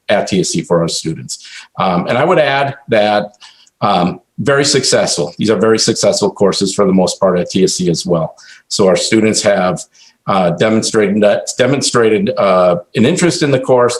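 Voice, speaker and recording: Man with a low voice presenting to a board. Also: rough recording. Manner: halting, many fillers and restarts. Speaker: college administrator presenting to board. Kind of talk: formal presentation at a board meeting.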